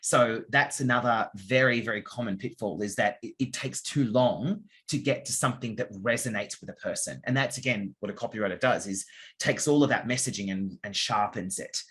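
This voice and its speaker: A man speaking as a copywriter guest in an interview, giving casual answers and explaining with examples, now and then acting out readers' reactions in quick asides. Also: lowish voice, fairly bright tone.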